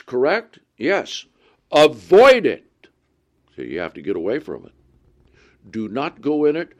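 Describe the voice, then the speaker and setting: A man preaching a sermon, pressing his points with rhetorical questions and drawn-out stresses. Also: on the high side. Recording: dull lo-fi recording.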